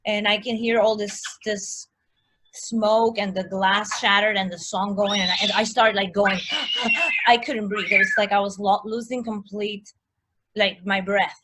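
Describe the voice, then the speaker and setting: Woman, guest, animated storytelling, online call with clear background noise. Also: medium pitch, normal speed. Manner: animated storytelling with many likes and restarts. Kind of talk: personal story in casual chat.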